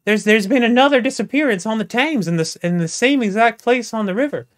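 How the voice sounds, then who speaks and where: A live comedian voicing a police dispatcher who stammers and rushes through the news. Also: mid-range voice, very animated, fairly bright tone. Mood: excited. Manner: stammering, hurried.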